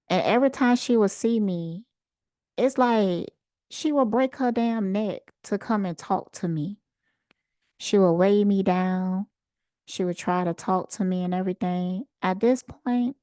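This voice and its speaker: A woman host casually telling a personal story in an unhurried, animated way. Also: mid-range voice, dry recording, clean studio sound. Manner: unhurried, conversational, animated retelling. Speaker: channel host.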